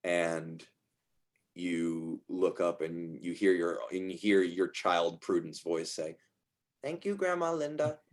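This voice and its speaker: A man running a tabletop game as game master, narrating dream scenes in a soft, slow voice with restarts. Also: sits low, level tone.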